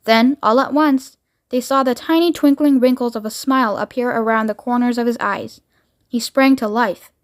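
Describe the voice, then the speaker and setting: A woman narrating a children's book aloud with expressive storytelling. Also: a little high, moderate pace. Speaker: book reader.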